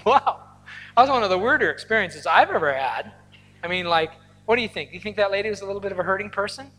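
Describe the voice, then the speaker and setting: A man preaching a sermon from the pulpit, telling stories with lively asides and the occasional laugh. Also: high voice, racing. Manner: storytelling, animated asides with laughter. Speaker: pastor. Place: large hall or church auditorium. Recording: long hall reverb.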